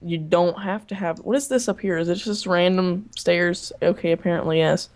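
A man's voice: high voice, moderate pace, a little mellow. A young man chatting casually while playing a game with a friend, joking and suspicious of the game's traps. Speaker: co-player. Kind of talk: casual gameplay chat.

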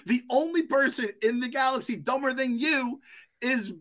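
A man's voice: very high voice, normal speed, bright, forceful tone. A young man hosting a podcast in a casual chat, ranting, swearing and laughing often. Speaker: podcast host.

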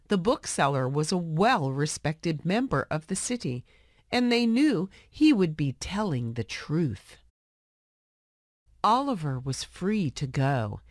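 A woman reading a storybook aloud in a slow, expressive way for English learners. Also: medium pitch, dry recording, clean studio sound.

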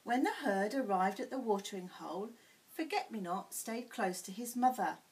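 A woman teacher reading a children's picture book aloud in a clear, expressive bedtime-story way. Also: mid-range voice, normal speed, rough recording. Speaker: primary school teacher.

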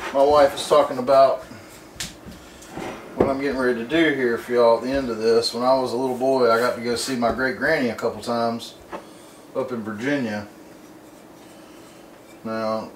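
Folksy and rambling, a man with a mid-range voice hosts an easygoing cooking demo at home. Slight background noise comes through, and the distant mic captures the roominess of the kitchen.

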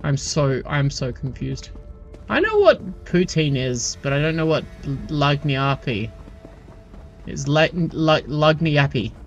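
A man's voice: a little high, big pitch swings, slow pace, lo-fi sound, faint music behind. A male game streamer giving casual, rambling commentary with stammered restarts and swearing.

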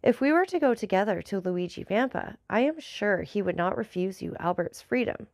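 A woman voicing an earnest young gentleman in a formal, measured storybook reading. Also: medium pitch, lively intonation, dry recording, clean studio sound, natural voice. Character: earnest young gentleman, worried for his friend.

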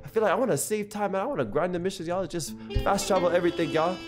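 A young man giving excitable, slang-heavy live commentary while streaming a video game and chatting with his viewers. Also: high-pitched, fast. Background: game music.

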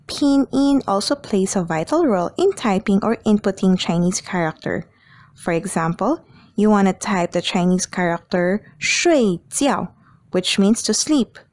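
A woman teaching Mandarin pronunciation in a slow, clear lesson style, drawing out each tone example. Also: mid-range voice, darkish tone.

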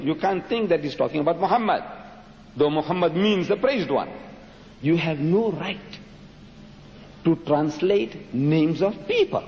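A man's voice: animated, normal speed. Emphatic man lecturing in an echoey hall. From South Africa. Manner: emphatic, rhetorical questions, wide dramatic pitch swings. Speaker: Muslim lecturer. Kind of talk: public religious lecture. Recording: dull lo-fi hall recording, echoey.

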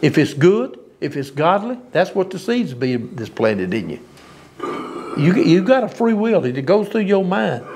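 A man's voice: high-pitched, sing-song, unhurried, noisy background. A man preaching an informal sermon, folksy and emphatic, often laughing at his own lines.

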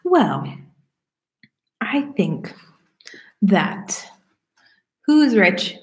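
A young woman from Florida, casually answering viewer questions at home, chatty and animated, laughing often. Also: mid-range voice, moderate pace. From Florida, United States. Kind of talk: casual Q&A chat. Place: room at home. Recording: roomy echo.

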